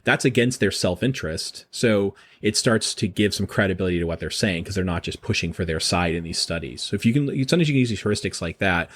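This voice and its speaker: Brief: middle-aged male academic guest, low voice, rapid explanations. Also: slight background noise. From Boston. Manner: quick, animated explaining with frequent restarts. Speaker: guest professor. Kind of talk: casual interview talk.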